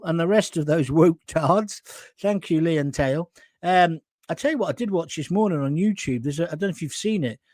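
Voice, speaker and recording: A man's voice: sits high, no echo, studio quality. An older man hosting a live opinion show, reading out viewer comments and ranting with indignation and sarcasm. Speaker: host.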